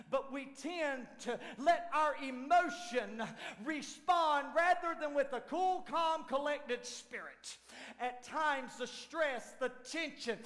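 A man preaching a sermon as lead pastor, dramatic, swinging from shouts down to near whispers. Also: extremely high pitch. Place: church sanctuary. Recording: echoey church hall with faint piano.

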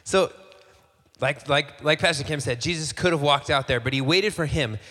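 A man's voice: on the high side, moderate pace, sharp tone. A man preaching a sermon with a casual, easygoing delivery, heard in a reverberant hall.

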